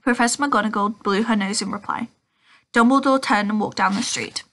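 A woman's voice: mid-range voice, a little fast, a bit bright. A woman reading a children's book aloud, often stumbling and correcting herself. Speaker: audiobook reader.

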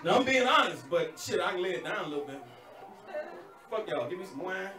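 A middle-aged man doing a crude live stand-up set, muttering then shouting punchlines. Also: sits high, sing-song, fairly quick. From not from California. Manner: loud, crude, swings between mutters and shouts. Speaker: stand-up comedian. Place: indoor comedy venue stage. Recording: echoey room from far off, loud crowd.

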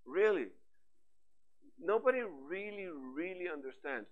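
A man giving a conference talk on AI, lively and rhetorical, with frequent fillers and restarts. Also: sits high, normal speed, rough recording. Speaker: conference speaker. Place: conference hall.

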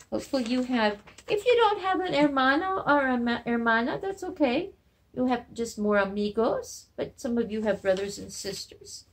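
A woman teaches a remote lesson to young children. Her fairly high voice bounces up and down as she slowly repeats each new word. A faint background hiss runs under her speech. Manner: sing-song, slow, encouraging, repeats words. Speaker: elementary Spanish teacher.

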